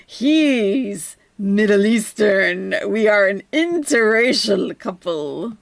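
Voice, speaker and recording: A woman's voice: medium pitch, lively intonation, slow, creaky. A woman doing a mocking, exaggerated impression of another woman vlogger, in a sing-song voice.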